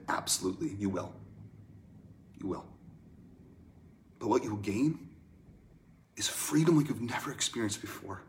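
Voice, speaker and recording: A man preaching a sermon in a conversational way, swinging from loud emphatic lines to hushed ones. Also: fairly low pitch, moderate pace, pauses often. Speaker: pastor.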